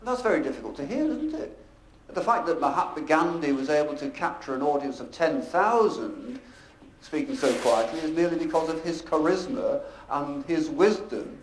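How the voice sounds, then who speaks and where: A man giving a convention presentation on stage, with a measured, emphatic delivery that shifts in volume and pace. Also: on the high side, expressive. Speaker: professional speaker presenting at a convention. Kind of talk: conference presentation. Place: convention function room. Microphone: handheld or stage microphone. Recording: echoey conference room.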